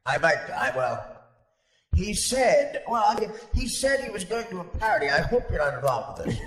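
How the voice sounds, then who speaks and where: Man playing a prim society aunt, old, gossipy, sing-song high, roomy echo. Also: very animated, normal speed, a bit bright. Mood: haughty gossip. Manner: prim, gossipy, giggling at her own remarks. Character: snobbish wealthy older aunt, bigoted and fussy. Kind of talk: improvised comedy sketch.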